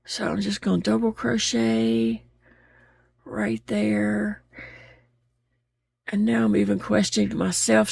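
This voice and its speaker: Gravelly woman chatting. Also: medium pitch, darkish tone, no echo. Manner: chatty and open, laughs easily. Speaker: crochet vlogger. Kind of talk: casual chat while crocheting.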